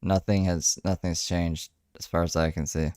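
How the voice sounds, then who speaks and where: A man's voice: sits low, level tone, moderate pace, darkish tone, clean tone, dry recording, studio quality. A man hosting a reaction commentary, blunt and swearing, sounding tired. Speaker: commentary channel host.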